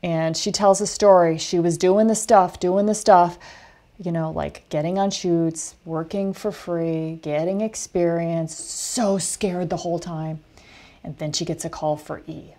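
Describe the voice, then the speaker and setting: A woman coaches a film class over a video call. She talks in an animated, storytelling way and breaks off into lively asides to her students. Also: fairly low pitch, normal speed. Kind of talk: online class talk.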